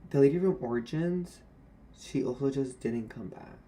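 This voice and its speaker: A man's voice: medium pitch, moderate pace, dark tone, slight background noise. A young man, a former retail worker, speaking to camera in a candid, sassy and blunt rant about old coworkers.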